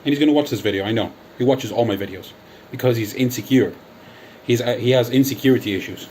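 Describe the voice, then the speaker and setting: A man hosting his own channel, launching into a combative callout with a taunting, emphatic edge. He stretches out key words for drama, his voice sitting at a middling pitch, and there is a faint hum behind him. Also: fast, darkish tone. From United Kingdom. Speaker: channel host. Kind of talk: angry callout monologue. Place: Athens, Greece.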